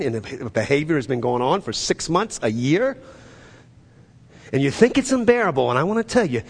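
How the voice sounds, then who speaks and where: A man preaching a sermon as pastor, building up loud and high, then dropping to a low, quiet voice. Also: breathy edge, long reverb tail.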